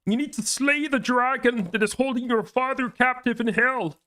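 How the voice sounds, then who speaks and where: A preachy, mock-solemn pundit with a high, quavering voice lectures in earnest tones, as a man puts him on. The voice sits far above a man's natural pitch and sounds pinched and strained. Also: moderate pace, pushed and bright. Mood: mock lecturing.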